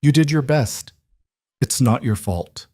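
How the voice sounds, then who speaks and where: Man doing a little girl, eight, flat voice, eerily calm, raised pitch. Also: slow, no room sound, clean studio sound. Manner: flat, quiet voice.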